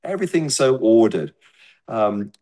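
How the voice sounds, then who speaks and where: A man's voice: medium pitch, sing-song, a little slow, mellow. A male pastor delivering a sermon in a church. He talks in a loose, conversational way, circling back on his points. He drops in personal asides between the scripture readings. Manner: conversational preaching with asides and repetitions.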